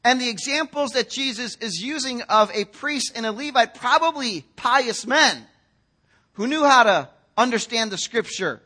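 A middle-aged man preaches from the pulpit in a high, bright voice. He is earnest and openly emotional, weaving personal stories into the sermon. He slips into quoted asides to act out what others say. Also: expressive, normal speed. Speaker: pastor.

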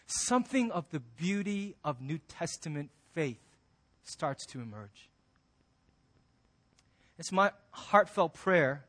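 A high-pitched man preaching as a pastor. He is emphatic and wry, swinging between loud, punchy lines and quiet, soft endings. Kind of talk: sermon.

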